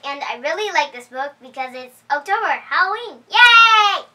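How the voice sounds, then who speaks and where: A high, bright female voice reads a children's picture book aloud at home, its pitch rising and falling with the story. She keeps a slow, cheerful pace. The mic sits some way off. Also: animated. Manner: cheerful, unhurried read-aloud. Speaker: storytime host. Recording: voice heard from a distance.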